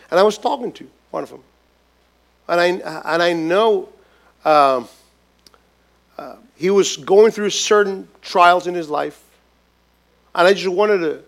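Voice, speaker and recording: High-voiced, slow, emphatic male preacher. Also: creaky. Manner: emphatic, repeats words, swings from loud to hushed. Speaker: pastor. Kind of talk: sermon. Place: church gathering.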